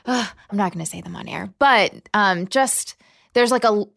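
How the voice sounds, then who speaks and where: A woman's voice: medium pitch, normal speed, vocal fry, fairly bright tone, no room sound, studio quality. A young American woman as a podcast guest, earnest and thoughtful, laughing easily. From United States. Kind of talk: casual interview chat.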